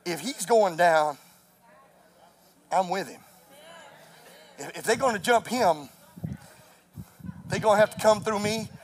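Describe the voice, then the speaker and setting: A man preaching a sermon as pastor, rising to shouts and telling stories with laughter. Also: high voice, takes it slowly, pauses often.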